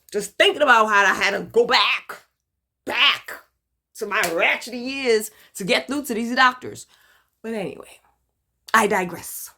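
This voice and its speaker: A middle-aged woman from Brooklyn with a Brooklyn accent, chatting in a candid video diary, animated and dramatic, hyper and talkative. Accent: Brooklyn, New York. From Brooklyn, New York. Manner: animated, dramatic, with emphatic swings in pitch and loudness. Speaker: vlogger sharing her cancer journey.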